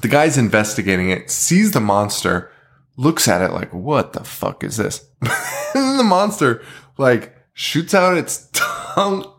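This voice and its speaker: A man's voice: mid-range voice, unhurried. Laughing, swearing man recapping a film. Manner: laughing often, swearing, animated storytelling. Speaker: podcast co-host. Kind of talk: casual chat recapping a horror film.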